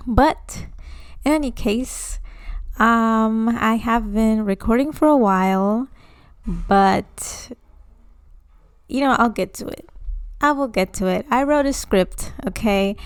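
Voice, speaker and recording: A young woman hosting her first casual podcast from home, chatty and excitedly nervous, with many fillers. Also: fairly high pitch, slow, long pauses, clear, resonant tone, dry recording, clean studio sound. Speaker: podcast host. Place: home room, indoors. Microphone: home microphone.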